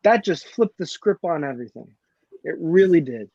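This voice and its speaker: A man's voice: a little high, expressive, moderate pace, darkish tone, dry recording, lo-fi sound. A man calling into a show, hesitant with many ums, on headphones. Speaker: caller. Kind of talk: casual call-in chat. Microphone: headphones, online call.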